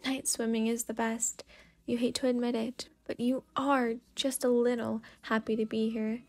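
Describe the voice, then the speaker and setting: Woman, sleepy soft storyteller, slightly high voice, whispered role-play, second-person narration. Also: level tone, normal speed. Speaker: fanfic reader.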